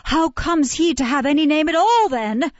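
A woman's voice: mid-range voice, very animated, a little slow, dry recording. A woman reading a storybook voices a sly, falsely humble woman who runs an orphan farm, with wheedling, coaxing speech. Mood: astonished. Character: fawning, sly middle-aged woman running an orphan farm. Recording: dull, muffled, dry recording.

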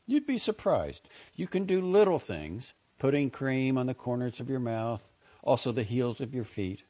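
A man's voice: medium pitch, very animated, moderate pace. A man reading as a fussy old immigrant father. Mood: earnest lecturing. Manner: lecturing, insistent, gently scolding. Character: fussy elderly immigrant father, earnest and instructive. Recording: dull lo-fi recording.

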